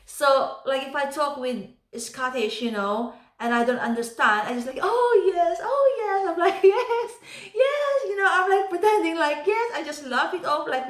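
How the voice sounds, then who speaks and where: Filipino lady chatting on her vlog, bit high voice, lots of laughing, echoey room. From Philippines. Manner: animated, laughs often between stories. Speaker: vlogger. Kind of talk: casual storytelling vlog.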